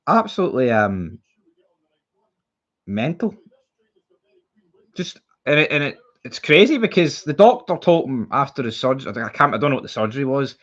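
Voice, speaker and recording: A young Scottish man with a medium-pitched, slightly bright voice talks at normal speed, with big pitch swings and long pauses. It's a casual football live stream where he rants bluntly and heatedly, swearing freely and repeating himself. The sound is lo-fi.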